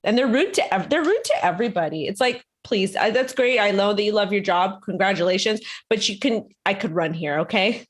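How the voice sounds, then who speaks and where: A woman in casual conversation, relating a story about her home with lively energy. She jumps into the voices of the people in it. Her voice sits in an ordinary middle pitch. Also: brisk, hardly any pauses. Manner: animated storytelling with acted quotes. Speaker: podcast co-host. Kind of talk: casual chat.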